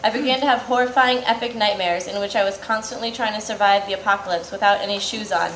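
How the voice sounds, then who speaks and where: A woman's voice: medium pitch, fast talker, few pauses, a bit bright, reverberant, slight background noise, poor audio. A young woman reads her own comic aloud at a live event, in a dry, self-deprecating way and often laughing.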